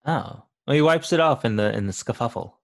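A man's voice: medium pitch, lively intonation, moderate pace, gravelly, no room sound, clean studio sound. A man co-hosting a casual podcast, enthusiastic as he retells favorite scenes. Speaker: podcast co-host. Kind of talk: casual film discussion.

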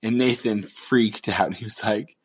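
A man's voice: on the low side, fairly even intonation, unhurried, slightly rough. A man in his thirties co-hosting a parenting podcast, telling stories in a casual, joking way. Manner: joking, storytelling. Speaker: podcast co-host. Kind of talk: casual chat.

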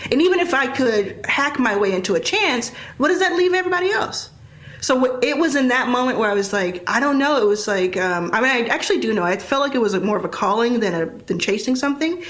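A woman's voice: a little high, a bit bright. A woman in her forties, an investor guest, telling her story in a candid, reflective way. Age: 40s. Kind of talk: casual interview storytelling.

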